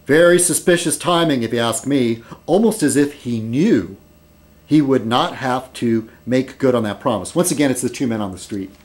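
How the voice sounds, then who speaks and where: A middle-aged man vlogging in casual rambling commentary, chuckling at his own jokes and filling pauses with um and uh. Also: medium pitch, darkish tone.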